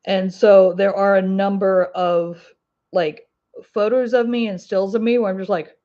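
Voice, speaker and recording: A woman's voice: mid-range voice, steady tone, a little slow. A woman with an Ozark twang chats casually with her livestream viewers, rambling from thought to thought with plenty of fillers. Her voice sits in a middle register. The stream audio is a little dull and muffled. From Ozark Mountains, US. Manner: chatty and rambling, with many fillers and laughs. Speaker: crafting livestream host. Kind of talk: casual livestream chat answering viewer comments.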